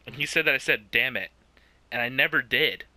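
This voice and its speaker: A young man co-hosting a podcast tells a childhood story in casual chat, laughing often and swearing. His medium-pitched voice is brisk, pushed and bright, in a dry recording.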